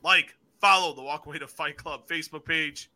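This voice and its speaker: A man hosting a casual wrestling review podcast, excitable and swearing freely as he acts out his stories. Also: on the high side, moderate pace. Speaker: podcast host.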